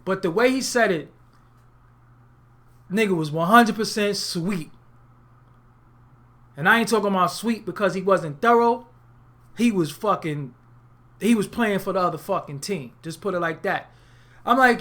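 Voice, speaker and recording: A man's voice: sits high, expressive, normal speed, sharp tone. A man from Brooklyn, hosting an unscripted webcast monologue, talking in a profane, streetwise and emphatic way. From Brooklyn, New York. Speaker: webcast host.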